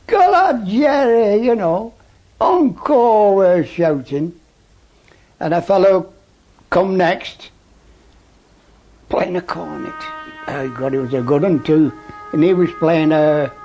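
An older veteran man telling his story in an archive interview, lively and acting out remembered shouts. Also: medium pitch, highs cut off. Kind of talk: archive oral-history interview.

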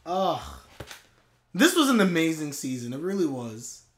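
A man streaming a live anime reaction, talking in an excitable, animated way. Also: a little high, unhurried.

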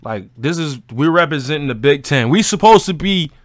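A man's voice: on the high side, lively intonation, moderate pace. A man vlogging his reaction to a football game, frustrated and heated, ranting and swearing at the players while talking to his viewers. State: upset and heated. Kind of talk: casual fan reaction rant.

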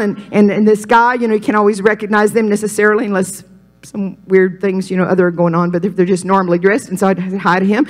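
A woman preaching a sermon, moving from loud, ringing declarations to hushed whispers and calling the congregation to repeat after her. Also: mid-range voice. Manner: calls congregation to repeat phrases.

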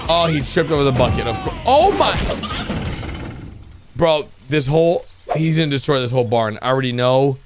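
A man hosting a reaction video, giving excitable, exclamatory commentary on animated clips and calling out to viewers. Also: on the high side, moderate pace. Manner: excitable, exclamatory, talks to viewers as "bro" and "guys". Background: music.

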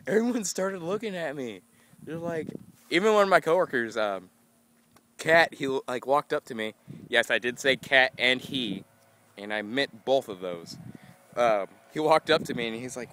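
A tired young man rambling goofily to a handheld camera outdoors in a casual vlog, breaking into excited yelps. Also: mid-range voice, brisk, dry recording. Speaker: vlogger.

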